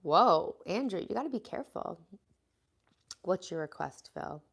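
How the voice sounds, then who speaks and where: American woman, congested, low-pitched, heavy vocal fry, rambling live-stream chatter. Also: lively intonation, measured pace, a bit bright. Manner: chatty, rambling, greets viewers by name. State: congested, sniffling. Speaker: livestreamer greeting her chat. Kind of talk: casual live-stream chat.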